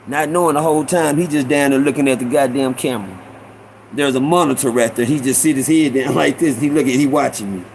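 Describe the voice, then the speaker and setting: A man hosting a casual storytelling stream, slangy, with repeated asides and shout-outs to viewers. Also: medium pitch, quick pace, slight background noise, rough recording. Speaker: host.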